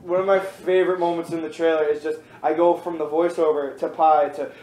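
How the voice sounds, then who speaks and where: A man's voice: on the high side, flat delivery, a little fast, hardly any pauses, a little mellow. A young man co-hosting a podcast, chatting casually and laughing while riffing with friends. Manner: laughing, riffing, jumping into silly put-on voices. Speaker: podcast co-host. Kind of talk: casual comedic chat. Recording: echoey room with crowd noise behind.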